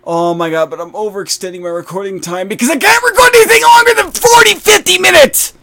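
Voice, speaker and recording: A young man reacting loudly to his own gameplay, swearing and venting in frustrated outbursts. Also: very high-pitched, fast talker. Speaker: gaming video creator. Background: loud game music.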